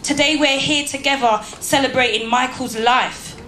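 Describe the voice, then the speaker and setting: This motivational speaker addresses a live church-hall audience with emphasis, firing rhetorical questions their way. She speaks at a normal speed in a high, bright, forceful voice with a steady tone. Faint ambience fills the roomy hall, along with slight hiss or hum.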